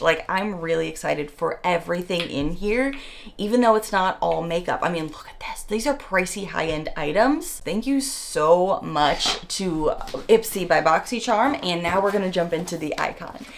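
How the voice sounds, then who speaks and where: Casting: woman beauty vlogger, low gravelly morning voice, excitable unboxing chat. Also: moderate pace. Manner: chatty, excitable, reads labels aloud.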